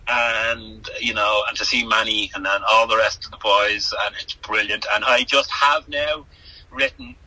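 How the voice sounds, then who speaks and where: A middle-aged Irish man, a guest on a radio chat, telling animated stories full of restarts. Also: on the low side, a little slow, poor audio. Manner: animated storytelling with frequent restarts. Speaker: guest, event worker.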